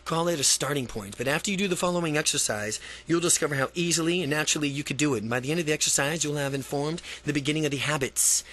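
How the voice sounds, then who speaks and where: A man's voice: a little high, fairly bright tone. Man reading a self-help book, stumbling. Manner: stumbling, repeats and restarts phrases. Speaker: audiobook reader.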